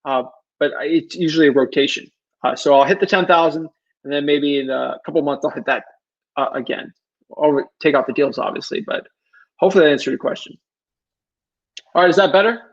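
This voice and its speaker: A man's voice: on the high side, brisk, pauses often, dull audio. A male host talking casually on a live video call, answering viewer questions and dealing with connection trouble. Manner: casual, relaxed, apologetic about tech trouble.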